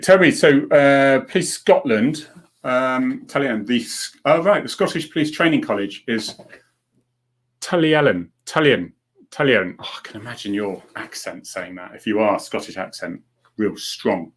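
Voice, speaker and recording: A middle-aged man, a former police sergeant, hosting a live stream and chatting casually with viewers in a rambling way, full of fillers and restarts. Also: mid-range voice.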